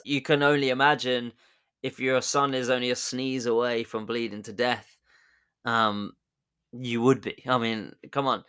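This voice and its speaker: A man's voice: medium pitch, sharp tone, clear, resonant tone. A man hosting a podcast, chatty and jokey, telling history as a casual story and laughing at his own jokes. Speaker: podcast host.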